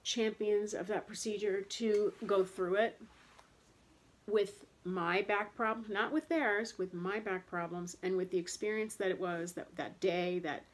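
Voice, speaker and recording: A woman's voice: medium pitch, unhurried. A woman in her thirties talking candidly and in a rambling way, frustrated, with many fillers and restarts, in a casual personal monologue. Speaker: vlogger talking about chronic pain.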